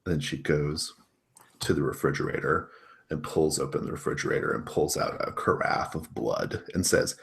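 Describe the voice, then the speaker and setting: A man with an extremely low voice narrates a tabletop game as game master. He talks casually, rambles, and laughs often. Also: moderate pace, gravelly, a bit bright.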